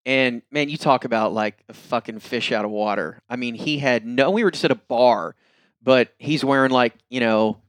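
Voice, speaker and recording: A man's voice: mid-range voice, normal speed, no room sound. A man, casually telling funny stories on a podcast and acting out what people said. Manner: laughing, animated anecdotes with quoted voices. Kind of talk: casual storytelling chat.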